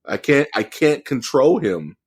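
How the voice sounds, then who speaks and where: Male podcast co-host, mid pitch, very lively, slangy and teasing. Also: a little slow, breathy edge. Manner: slangy and teasing, says dude and dog a lot. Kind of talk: casual chat.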